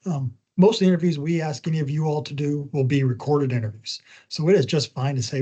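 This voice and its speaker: A man giving spokesperson training on a video call, talking quickly once he gets going, with frequent ums and uhs. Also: on the high side, mellow, husky. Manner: talks fast when he gets going. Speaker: media trainer. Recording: dull lo-fi call audio.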